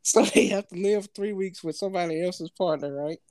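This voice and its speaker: During a casual podcast chat, the male co-host tells stories loosely and full of slang, often breaking into laughter. His high voice is brisk and a little mellow, with no room sound.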